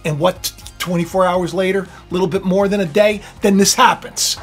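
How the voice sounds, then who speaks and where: A man hosting his own spiritual video channel. He talks in a loose, rambling monologue, full of fillers and restarts, and swings from low murmurs to loud outbursts. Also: steady tone, normal speed, soft background music.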